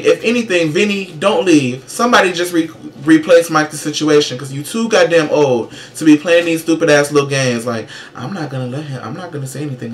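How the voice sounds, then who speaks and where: A man hosting his own casual show, giving sassy, profane, emphatic pop-culture commentary with brash shout-outs. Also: fairly high pitch. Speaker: show host.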